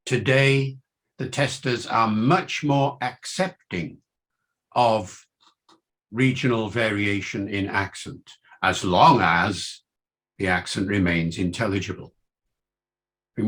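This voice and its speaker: An older man from Wales, a linguist giving an academic lecture in measured, emphatic phrases with rhetorical questions. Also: lowish voice, a bit bright.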